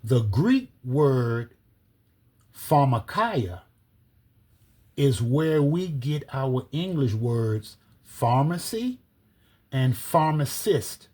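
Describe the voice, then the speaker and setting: A man giving a slow, deliberate scripture-based teaching, reading verses aloud and spelling out words letter by letter. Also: medium pitch, expressive, dark tone. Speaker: religious teacher.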